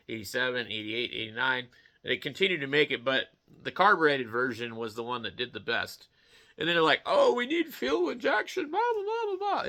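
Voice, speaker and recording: A man delivers a profane, rambling rant straight to his viewers. His voice is very bright and tense, cutting through as he swears and mocks. He moves between fast and slow bursts with a medium pitch. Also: creaky. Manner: swearing, animated, mocking. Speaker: vlogger. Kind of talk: profane casual rant to camera.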